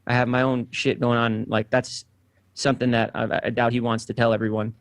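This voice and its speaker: A man being interviewed, defending himself in halting speech full of restarts. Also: medium pitch, little pitch movement, no echo. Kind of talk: conversational interview.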